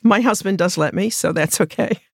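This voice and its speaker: Reflective woman musicologist, gravelly edge. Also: mid-range voice, normal speed, no echo, studio quality. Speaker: musicologist guest. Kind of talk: interview answers.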